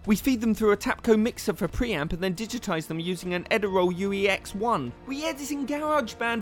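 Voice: mid-range voice, a little fast, hardly any pauses, faint music behind. Exasperated, rambling podcast host. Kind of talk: comedy podcast sketch.

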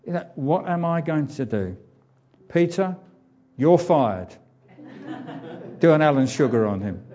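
Male preacher, mellow mid voice, chatty sermon delivery, muffled lo-fi capture. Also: on the high side, animated, a little fast. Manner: conversational preaching with fillers and asides.

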